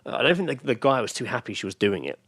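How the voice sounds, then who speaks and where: Man, podcast co-host, sweary storytelling, quick and lively. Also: medium pitch, breathy edge, no echo. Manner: animated, sweary anecdotes with laughter. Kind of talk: casual storytelling chat.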